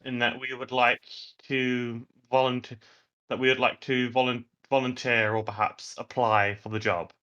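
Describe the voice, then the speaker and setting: A man playing a tabletop game, calmly laying out the group's plans step by step in casual talk. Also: medium pitch, normal speed, muffled recording. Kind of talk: casual planning talk over voice chat.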